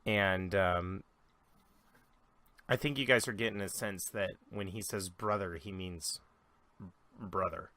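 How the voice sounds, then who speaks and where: Bright-voiced young man running a game. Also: deep voice, unhurried, long pauses. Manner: relaxed, loose storytelling with many fillers. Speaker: dungeon master. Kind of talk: narrating a tabletop game.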